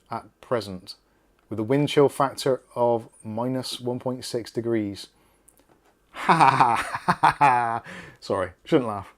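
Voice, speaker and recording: A man's voice: mid-range voice, a little mellow. A man with a Bristolian accent hosting a casual live stream. He chats, jokes and reads viewer comments aloud. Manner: chatty, jokey, self-deprecating asides.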